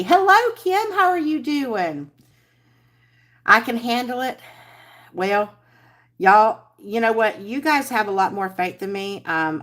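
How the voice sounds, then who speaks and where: A woman's voice: mid-range voice, fairly bright tone. A woman hosting a casual livestream, rambling and chatting with viewers while she crafts. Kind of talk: casual live-stream chat while crafting.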